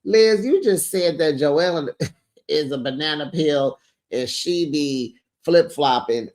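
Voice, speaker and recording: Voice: medium pitch, takes it slowly, a little mellow. A host giving a casual recap of a reality show, sassy and gossipy, breaking into exclamations and laughs while retelling.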